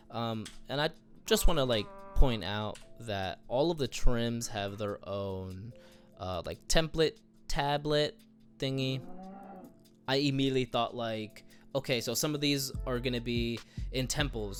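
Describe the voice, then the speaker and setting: Laid-back young man over music. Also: medium pitch. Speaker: texture pack creator showcasing his work. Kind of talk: casual gaming commentary. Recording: music playing underneath.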